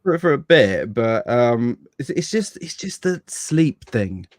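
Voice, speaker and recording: A man's voice: medium pitch, big pitch swings, slow pace, no echo, clean studio sound. A man chatting casually as a podcast guest about fatherhood, rambling with many restarts and fillers.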